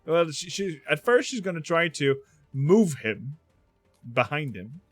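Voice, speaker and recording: Slow-talking game master, lively pitch. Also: male voice, no room sound, faint music behind. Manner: laughing, hesitant, many fillers. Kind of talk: narrating a tabletop game.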